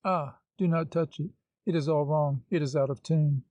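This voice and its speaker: An excitable, anguished organist, voiced by a man who pleads and swears with vehemence. The voice sits a touch high, with a mellow tone. The sound is dry. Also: moderate pace, no room sound, highs cut off, lightly acted. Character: excitable anguished male organist, hot-tempered.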